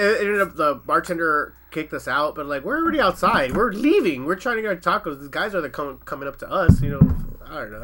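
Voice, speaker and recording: A young man telling a bar story in casual chat, laughing often, swearing freely and acting out what people said. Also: fairly high pitch. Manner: laughing, profane storyteller who acts out quotes.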